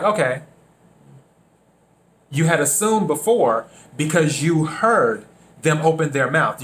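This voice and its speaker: A man from South Carolina hosting a reflective solo podcast, unhurried, repeating his phrases and acting out bits of dialogue. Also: fairly high pitch, a bit bright. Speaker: podcast host.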